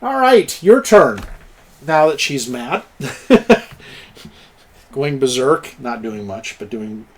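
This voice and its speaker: A man's voice: medium pitch, sing-song, drawn-out words, pauses often. A man narrating a tabletop game as game master, chuckling and cheering on the players' rolls. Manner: chuckling, encouraging, plays up dice rolls.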